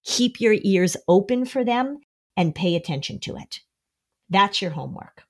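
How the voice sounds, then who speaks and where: A middle-aged woman giving anxiety advice on a podcast, explaining her points and acting out quoted lines with lively shifts in voice. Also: medium pitch, moderate pace. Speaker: anxiety expert.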